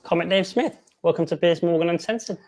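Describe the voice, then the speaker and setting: A man's voice: fairly high pitch, fast talker, darkish tone, natural voice. A comedian voicing a brash, bossy male TV host who keeps cutting in. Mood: mock-solemn. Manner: repeatedly cuts in with "hang on". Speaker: comedic impressionist.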